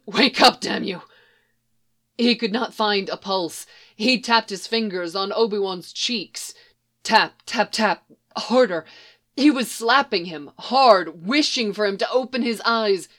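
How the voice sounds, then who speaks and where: A narrator reading a story aloud in a soft, measured way. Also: medium pitch. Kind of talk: audiobook reading of fan fiction.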